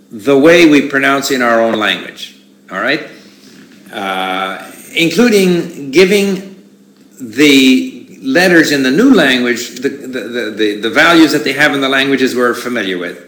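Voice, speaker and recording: A man speaks at a middle pitch in an easygoing, rambling manner, often restarting his sentences and filling pauses. His voice carries a noticeable echo from the room around him. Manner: relaxed, rambling, with many restarts and fillers. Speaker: conference speaker answering questions. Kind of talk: casual spoken talk with audience questions.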